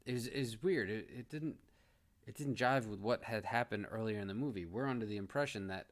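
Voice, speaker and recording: A man's voice: lowish voice, brisk. A man giving a casual movie review, blunt and exasperated, ranting with frequent restarts.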